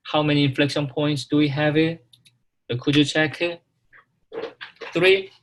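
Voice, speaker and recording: A man teaching a calculus class, talking slowly and haltingly, repeating himself and putting questions to the students. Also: fairly high pitch, flat delivery, a little hiss or hum. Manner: slow, repetitive, halting, asks the class questions. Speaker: math instructor.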